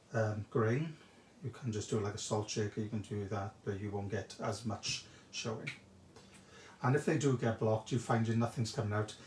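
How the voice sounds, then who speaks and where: A man's voice: lowish voice, darkish tone. A man hosting a live craft demonstration, chatting and greeting viewers by name as he works. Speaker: craft shop host demonstrating a technique. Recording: echoey room, faint background noise.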